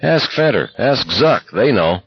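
A male reader voicing a bitter young man who croaks and blares crude rants in a shrill voice. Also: sing-song, unhurried, no room sound, lo-fi sound, full character voice. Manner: harsh, blaring, crude.

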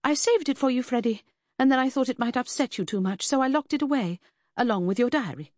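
A woman voicing a defensive young Victorian woman in an audiobook, shrill and agitated. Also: fast, a little mellow, dry recording, studio quality, close to an everyday voice. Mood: blustering.

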